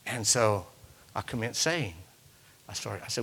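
A man's voice: on the low side, animated, a little slow, creaky, sharp tone, husky. A man, preaching by telling a folksy story with rising fervor. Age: 60s. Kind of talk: storytelling sermon.

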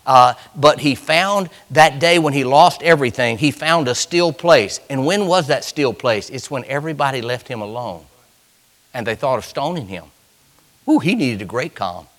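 A man preaching a sermon, swinging between loud, fervent lines and hushed, drawn-out ones, with folksy Southern phrasing. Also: mid-range voice.

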